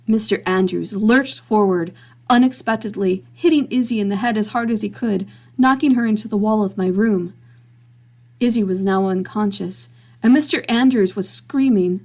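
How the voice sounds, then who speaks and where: A woman reading her own story aloud in a steady, measured storytelling manner. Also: medium pitch, gravelly. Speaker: author narrator.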